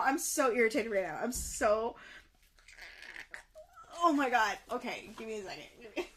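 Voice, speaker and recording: Young woman, streamer, reads aloud and reacts, fairly high voice, animated, repeats herself. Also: measured pace, pauses often, slight background noise. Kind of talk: reading a book aloud and reacting.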